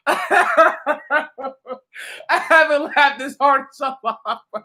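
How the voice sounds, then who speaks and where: A man ranting casually and profanely, mocking someone, often breaking into loud laughter and shouts while a little tipsy. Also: very high voice, takes it slowly. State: tipsy from drinking. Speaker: commentator reacting to a commenter. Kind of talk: casual reaction rant.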